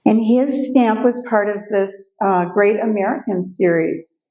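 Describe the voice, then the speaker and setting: An older woman speaking as a guest speaker, telling personal stories in a lively way and acting out the voices of the people in them. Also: medium pitch, a little slow, muffled recording. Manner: lively storytelling, acts out quoted voices. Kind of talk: personal storytelling talk. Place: event room.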